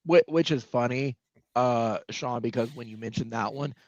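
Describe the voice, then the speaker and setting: A man's voice: medium pitch, moderate pace, dry recording. A man co-hosting a casual postgame livestream, agreeable and chiming in with short replies. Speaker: livestream co-host. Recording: dull lo-fi mic.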